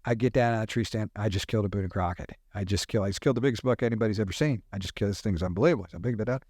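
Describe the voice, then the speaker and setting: A middle-aged man, a podcast guest, telling animated hunting stories with sound effects in casual talk. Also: lowish voice, rapid-fire, no room sound, clean studio sound. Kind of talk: casual storytelling.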